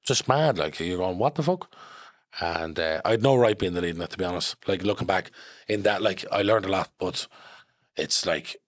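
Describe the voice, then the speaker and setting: Fast-talking Dublin man, low voice. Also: dry recording, studio quality. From Ireland. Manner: animated, swears freely, acts out quoted voices. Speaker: podcast guest. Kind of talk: casual storytelling.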